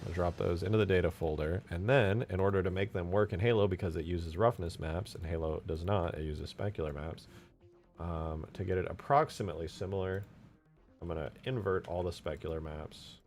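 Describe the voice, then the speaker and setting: A man's voice: sits low, brisk, a little mellow, soft background music. A young man talking casually while modding a game on a live stream, joking with chat and muttering to himself as he works. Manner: jokey, talks to himself and chat while working.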